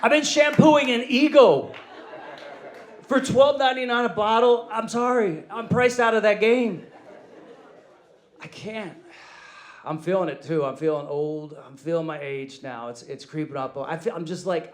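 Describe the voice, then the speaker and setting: A man's voice: on the high side, normal speed. A man in his thirties doing a stand-up set, self-deprecating and chuckling through his jokes. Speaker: stand-up comedian.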